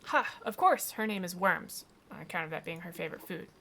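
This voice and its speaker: A woman's voice: lowish voice, lively intonation, fairly quick, vocal fry, pushed and bright, a little hiss or hum, full character voice. A woman voicing a courtly, eccentric alchemist in a video game, with a genteel, theatrical manner. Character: courtly eccentric alchemist in a bird-nest hat.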